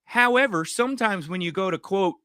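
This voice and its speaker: Man, middle-aged, podcast co-host, casual storytelling, swears, crisp dry studio sound. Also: high voice, brisk, no room sound. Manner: animated storytelling, swears freely. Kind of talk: casual chat.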